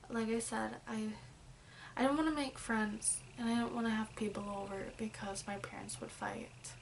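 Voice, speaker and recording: Slow, halting young woman vlogger. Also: mid-range voice, low-quality recording. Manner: halting and earnest, with frequent restarts and hesitations. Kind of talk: personal confessional vlog. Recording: noticeable background noise.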